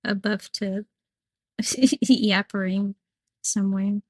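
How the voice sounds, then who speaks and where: A woman's voice: medium pitch, little pitch movement, slow pace, slightly rough, no echo. A woman playing in a tabletop game, chatting casually while checking her character sheet. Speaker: player.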